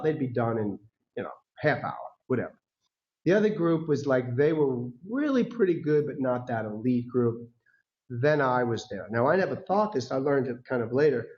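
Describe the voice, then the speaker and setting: A man giving a talk as a guest speaker, telling personal stories in a lively way, acting out the voices of people he quotes and laughing often. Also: mid-range voice. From United States. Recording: dull lo-fi recording.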